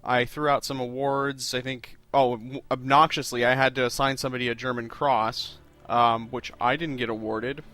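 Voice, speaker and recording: A man's voice: medium pitch, flat delivery, normal speed, hardly any pauses, bright, forceful tone. A man hosting a let's-play video, talking casually and rambling through his plans in a self-deprecating way. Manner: chatty, rambling and self-deprecating, with frequent fillers. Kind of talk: casual gameplay commentary.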